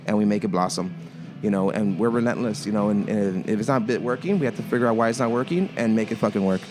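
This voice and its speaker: A man's voice: on the low side, fast, music in the background. Bar owner, man, casual podcast guest, easygoing and repetitive. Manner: laid-back, repeats phrases, curses casually. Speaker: craft beer bar owner.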